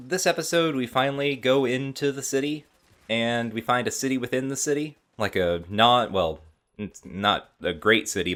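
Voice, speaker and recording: A man co-hosting a podcast, chatting casually about a video game in a relaxed way with lots of "like". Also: medium pitch. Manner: relaxed, filler-heavy. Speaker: podcast co-host. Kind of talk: casual gaming chat.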